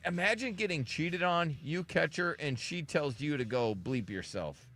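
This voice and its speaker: A man's voice: fairly high pitch, moderate pace, loud music behind the voice. A man hosting a live radio show, teasing his co-hosts and retelling a caller's clip. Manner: teasing, animated storytelling.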